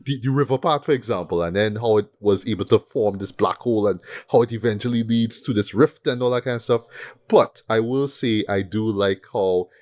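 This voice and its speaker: A man hosting a casual movie review chat, animated and repeating himself with tag questions. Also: lowish voice, a little fast. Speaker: podcast host.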